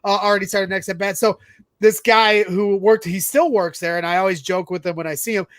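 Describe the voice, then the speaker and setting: This is a man hosting a casual sports talk show, telling stories in a lively, rambling way. His voice sits high for a man. The recording is close and dry, with no room sound at all. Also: fairly quick, no room sound. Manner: animated, rambling anecdote telling. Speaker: podcast host.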